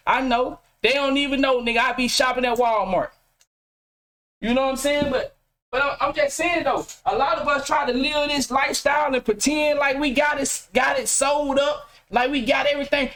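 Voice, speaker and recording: A man's voice: very high-pitched, fairly quick, a bit bright. A middle-aged man, ranting bluntly to his chat from his game room at home and swearing freely. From Mississippi. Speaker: vlogger. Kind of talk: casual profane rant to camera.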